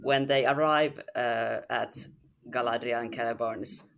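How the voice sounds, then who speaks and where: A woman's voice: extremely low pitch, fairly even intonation, measured pace, creaky, a little hiss or hum. A woman guest on a casual book discussion podcast, hesitant and searching for words.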